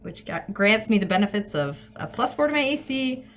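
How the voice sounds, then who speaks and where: A woman playing a tabletop role-playing game, talking hesitantly with many pauses and fillers. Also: mid-range voice, sing-song, a bit bright, slight background noise. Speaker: player.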